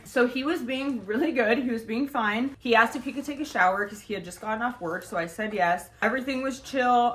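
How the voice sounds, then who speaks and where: A woman's voice: on the high side, brisk, hardly any pauses, fairly bright tone. Frank young woman, rambling storytime. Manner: frank and profane, full of "like" fillers; rambling, talks straight to her viewers. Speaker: vlogger. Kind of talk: casual storytime monologue. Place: at home.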